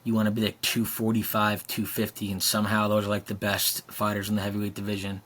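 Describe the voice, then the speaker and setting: A man's voice: on the low side, completely flat delivery, quick pace, fairly bright tone. A young man co-hosting a podcast in casual chat, laid-back and saying "dude" often. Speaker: podcast co-host.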